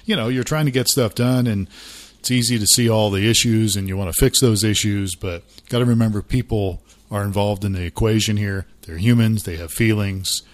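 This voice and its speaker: A middle-aged man co-hosts a casual podcast about church life, chatty and self-deprecating. He speaks in a lowish voice at a fairly quick pace.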